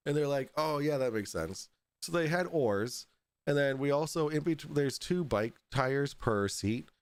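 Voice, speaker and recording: A man's voice: on the high side, animated, unhurried, dry recording. A man hosting a podcast, telling a story in a casual, profane way, often laughing through it. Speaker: podcast host.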